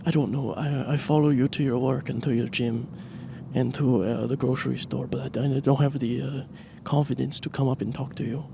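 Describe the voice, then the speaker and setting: A man voicing a smitten, sleazy male suitor in a put-on accent that blends Spanish, Italian and French, speaking in a hushed, breathy, pleading way. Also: medium pitch, fairly even intonation, fairly quick, background noise, close to an everyday voice. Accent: put-on mix of Spanish, Italian and French.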